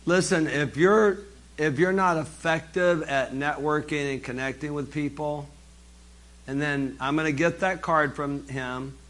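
Male seminar presenter with a fairly high voice. Lively and jokey, talks straight to the crowd. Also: unhurried. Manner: lively, jokey, addresses the audience directly. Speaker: seminar speaker. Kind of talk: live business seminar talk.

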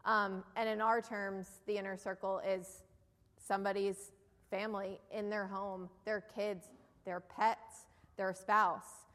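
A woman's voice: medium pitch, flat delivery, slow, a bit bright. Persuasive New Jersey woman in an echoing hall. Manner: earnest, persuasive, asks the audience questions. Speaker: keynote speaker. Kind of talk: motivational business presentation. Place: event hall before a live audience. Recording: long hall reverb.

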